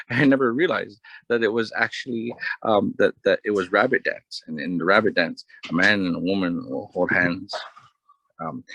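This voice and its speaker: A man telling personal stories in a relaxed, humorous way, often laughing at his own anecdotes. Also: deep voice, breathy edge, no room sound, rough recording. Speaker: speaker sharing personal experience. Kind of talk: personal storytelling talk.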